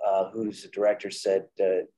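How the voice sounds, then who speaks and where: A man's voice: sits low, normal speed, low-quality recording. A middle-aged man, a comedian and filmmaker, telling stories in a casual interview and acting out the dialogue of the people in them. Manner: animated anecdotes with quoted dialogue and frequent restarts. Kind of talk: casual conversational storytelling.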